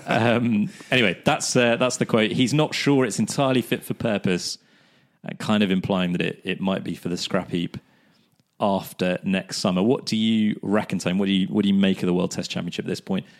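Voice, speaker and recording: Wry, chatty man with a lowish voice. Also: fairly even intonation, fairly quick. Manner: chatty, wry, laughs often, thinks aloud with fillers. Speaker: podcast co-host. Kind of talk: casual cricket podcast chat.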